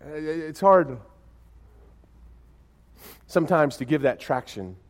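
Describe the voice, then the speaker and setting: A man delivering a sermon in a somewhat high voice. He talks in a folksy, conversational way, full of restarts. His storytelling swings from hushed and slow to loud and excited. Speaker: pastor.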